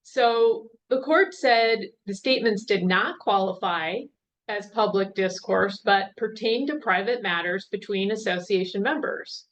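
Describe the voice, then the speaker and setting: A woman's voice: mid-range voice, unhurried. A woman on a webinar panel presenting a legal case in a conversational way, with chatty asides to the audience. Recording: dull webinar audio with faint hiss.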